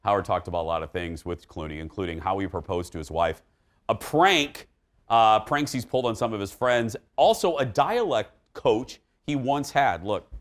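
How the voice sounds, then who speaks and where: A man hosting an entertainment talk show, chatting casually with an animated, joking and emphatic manner. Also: fairly low pitch, normal speed.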